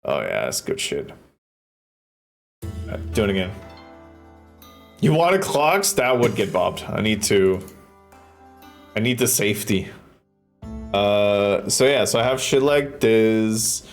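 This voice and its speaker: Goofy, sweary streamer with lively pitch. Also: slow pace, long pauses, soft background music. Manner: chatty, swears freely, makes goofy sound effects. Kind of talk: live stream banter while building a stage.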